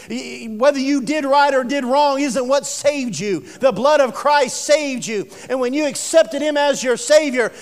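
A male preacher giving a sermon, swinging from forceful declarations to hushed, drawn-out phrases. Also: very high voice. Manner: dramatic swings between loud preaching and hushed slow phrases. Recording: long hall reverb.

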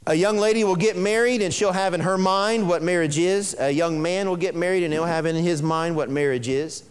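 A man with a high, light voice preaches to his congregation, pressing each point home and circling back to it again and again. His words ring out with a long echo around a large hall. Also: fairly even intonation, brisk, clean tone. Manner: emphatic, repetitive, speaks straight to the congregation. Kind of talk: sermon on marriage.

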